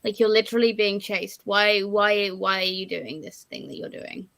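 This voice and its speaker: A woman with a bright, forceful voice chats on a livestream. The sound is dry and close, and her phrasing trails off and restarts. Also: mid-range voice, little pitch movement, moderate pace, vocal fry, no room sound, low-quality recording. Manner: exasperated, trailing, hesitant phrasing. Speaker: livestream guest. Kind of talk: casual chat.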